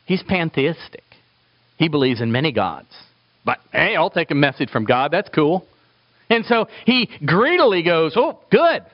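A man preaching a sermon in an animated way, acting out quoted voices for humor. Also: fairly high pitch, normal speed, highs cut off.

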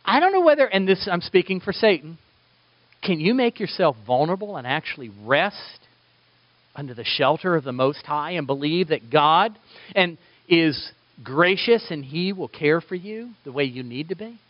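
Animated male pastor preaching. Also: on the high side, moderate pace, dry recording. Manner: animated, rising emphasis and sudden soft drops. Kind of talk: sermon. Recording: dull lo-fi recording.

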